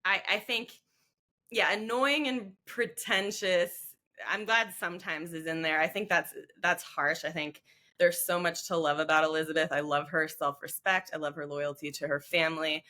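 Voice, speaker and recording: A woman co-host in casual chat, with a lower-pitched but bright voice. She talks in an earnest, opinionated way and throws in emphatic asides. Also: fairly even intonation, normal speed. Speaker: podcast co-host.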